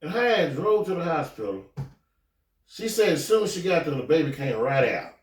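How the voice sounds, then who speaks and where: A man hosting a podcast, telling a story casually, with animated, profane delivery, acting out the quoted lines. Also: a little high, moderate pace. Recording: echoey room, mic at a distance.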